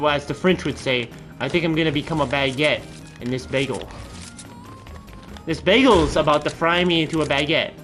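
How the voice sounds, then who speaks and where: A man's voice: on the high side, fairly bright tone. A man streaming a game, chattering casually with goofy jokes and silly voices. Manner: goofy, joking. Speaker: gaming streamer.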